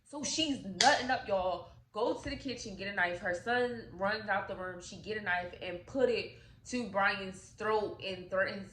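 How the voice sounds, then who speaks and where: A woman recaps a movie in casual AAVE, animated and profane, calling out to her viewers. Her voice sits at a middle pitch and rings in an echoey room. A faint ambient hum runs underneath. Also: moderate pace. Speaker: YouTube storyteller.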